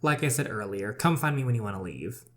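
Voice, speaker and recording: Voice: mid-range voice, lively intonation, quick pace, close to an everyday voice. A gamer reading the lines of a moody young male bodyguard in a story game. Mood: brooding.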